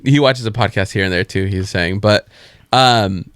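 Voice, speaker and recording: A man co-hosting a podcast in casual chat, telling slangy, animated stories and acting out the people in them. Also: lowish voice, moderate pace, smooth, dry recording, clean studio sound. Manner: animated slangy storyteller, acts out quoted people. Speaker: podcast co-host.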